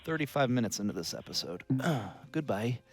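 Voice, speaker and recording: A man co-hosts a podcast, rambling through his thoughts and getting defensive when teased. His middle-pitched voice moves with lively ups and downs. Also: normal speed, a little hiss or hum. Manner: rambling, defensive, hesitant restarts. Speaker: podcast co-host. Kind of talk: casual comedic banter.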